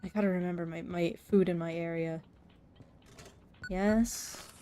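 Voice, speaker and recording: A woman's voice: lowish voice, fairly even intonation, measured pace, dark tone. A young woman streaming a video game, chatting to herself and giggling as she plays. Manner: giggly, talks to herself while playing. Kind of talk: casual let's play commentary. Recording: faint background noise.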